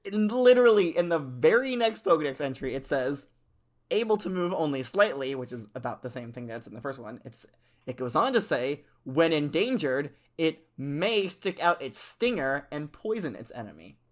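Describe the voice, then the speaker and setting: A man's voice: fairly high pitch, big pitch swings, normal speed. A man hosting a casual comedic podcast chat, laid-back and chuckling, swearing casually as he talks. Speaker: podcast host.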